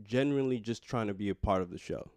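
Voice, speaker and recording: A man's voice: on the low side, fast talker, a little mellow, smooth, dry recording. A man co-hosting a casual podcast, thoughtful and prone to small restarts as he talks. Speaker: podcast co-host.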